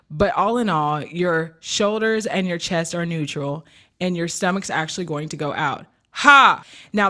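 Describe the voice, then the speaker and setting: A woman vocal coach giving a singing lesson, explaining breathing and support in clear step-by-step instructions and counting exercises aloud. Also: lowish voice, a bit bright.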